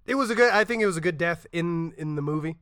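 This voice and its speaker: A man's voice: fairly high pitch, expressive, quick pace, a bit bright, clean tone. A man co-hosting a podcast, retelling scenes in a casual, profane way and acting out quotes as he goes. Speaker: podcast co-host. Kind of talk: casual chat.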